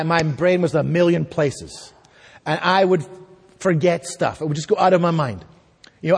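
A man's voice: a little high, darkish tone, breathy edge. A man preaching a sermon, earnest and emphatic, asking his listeners pointed questions. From raised by a Scottish mother. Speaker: pastor. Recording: long hall reverb.

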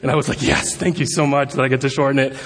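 A man's voice: mid-range voice, little pitch movement, fast, fairly bright tone, husky. A man giving a guest sermon at a church service, talking in a chatty, self-deprecating way with many fillers. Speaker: guest preacher. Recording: long hall reverb.

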